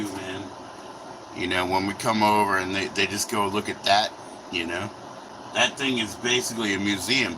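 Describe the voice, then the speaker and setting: A man's voice: lowish voice, noisy background. Rambling man in his forties, livestream chat. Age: 40s. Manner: rambling, profane, talks to chat viewers. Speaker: livestream host. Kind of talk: casual livestream chat while cooking. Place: home kitchen.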